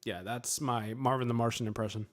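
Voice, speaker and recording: A man's voice: mid-range voice, steady tone, brisk. Rambling man in a casual stream chat. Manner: rambling, lots of filler words and restarts; playful, laughs at himself. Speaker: streamer answering chat questions.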